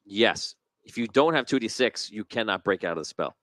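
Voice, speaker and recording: Man, game master, low-pitched, patient rule explanations, dry close sound. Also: lively intonation, moderate pace, fairly bright tone, no room sound. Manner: patient, explains rules with restarts and chuckles. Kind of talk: running a tabletop game.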